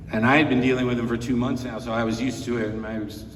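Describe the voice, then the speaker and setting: A man's voice: mid-range voice, noisy background. A man in his fifties, a film producer on a convention panel, telling rambling anecdotes with chuckles and quotes he acts out. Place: large convention hall panel. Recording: echoey hall, voice from far off.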